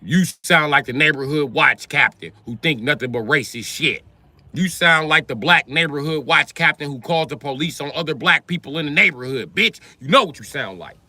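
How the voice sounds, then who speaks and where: An American man ranting on a casual livestream in African American Vernacular English, profane and brash, jumping between loud outbursts and low mutters. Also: animated, moderate pace, no echo. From United States. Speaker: livestream host.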